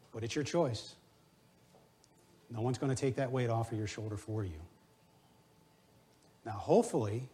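A man's voice: mid-range voice, a little mellow. Middle-aged male pastor, earnest sermon delivery, mid-range voice, exhorting tone. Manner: earnest, exhorting, personal running anecdotes.

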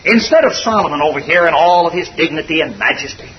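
A man's voice: on the high side, expressive, fast talker, slight background noise. A man preaching a sermon in a folksy, conversational and earnest way. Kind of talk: expository sermon. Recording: dull distant recording.

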